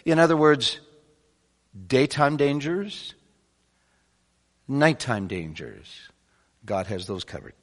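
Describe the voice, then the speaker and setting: Emphatic preacher in a reverberant church. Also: male voice, mid-range voice, slow, long pauses. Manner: animated, swings between loud emphatic bursts and quiet asides. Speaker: pastor. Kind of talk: sermon. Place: church sanctuary. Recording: long church hall reverb.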